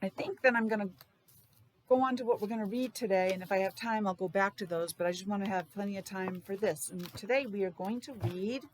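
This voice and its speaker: A woman teacher with a Rhode Island accent reading a picture book aloud to young children, sounding out letters slowly and repeating words in a sing-song way. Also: medium pitch, background noise.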